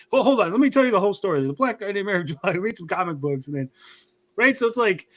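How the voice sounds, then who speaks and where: A man hosting a casual livestream podcast, rambling through a story and cutting himself off mid-sentence. He swears freely, and his voice sits a little higher than most men's. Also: expressive, racing, a bit bright, low-quality recording. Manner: rambling, profane, self-interrupting storyteller. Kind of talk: casual chat.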